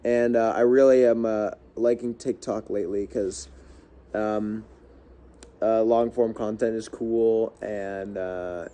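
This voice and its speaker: A man's voice: lowish voice, fairly even intonation, takes it slowly, dark tone. A young man ranting casually to camera as a vlogger, heated and rambling, swearing often and restarting his sentences.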